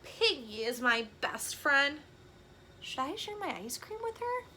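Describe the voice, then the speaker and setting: A woman's voice: high-pitched, big pitch swings, measured pace, pushed and bright, a little hiss or hum, exaggerated voice. A woman voicing an eager young male elephant in a picture book, gushing and torn between treating himself and sharing. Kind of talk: picture-book read-aloud voice.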